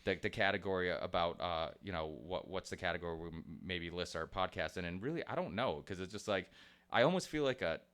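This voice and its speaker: A man's voice: low-pitched, brisk, a bit bright, clean tone. A man hosting a podcast in casual chat, rambling with many restarts, swearing and laughing easily. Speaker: podcast host.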